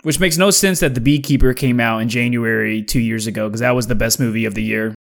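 A man's voice: fast, gravelly. A young man co-hosting a casual podcast, joking and mimicking people as he talks. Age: young adult. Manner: animated, jokey, mimics others in high voices. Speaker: podcast co-host. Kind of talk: casual chat.

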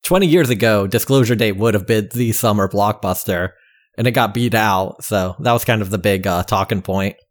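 A man co-hosting a casual podcast, explaining things in a relaxed way. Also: on the low side, moderate pace. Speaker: podcast co-host. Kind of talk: casual chat.

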